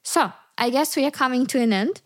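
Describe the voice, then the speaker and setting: A woman from Ukraine hosting a podcast interview, asking measured questions and giving frequent "mm-hmm" backchannels. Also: high-pitched, no echo, studio quality.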